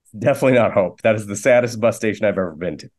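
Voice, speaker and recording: Canadian guy in his 40s telling rambly self-deprecating jokes, lowish voice. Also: racing, darkish tone. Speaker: guest, actor and comedian. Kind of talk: casual interview chat.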